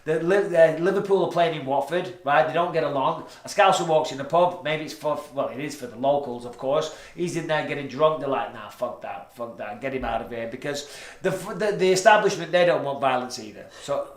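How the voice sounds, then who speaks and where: A man's voice: fairly high pitch, a little fast, reverberant. A man hosting a podcast, chatting casually, joking and swearing a lot. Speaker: podcast host. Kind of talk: casual chat. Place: studio room with lighting setup.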